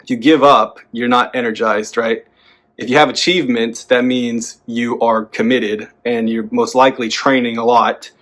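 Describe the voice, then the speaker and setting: A young man hosting a motivational talk, blunt and profane, breaking into loud, lively bursts. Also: medium pitch, normal speed. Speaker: self-help podcast host. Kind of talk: motivational monologue.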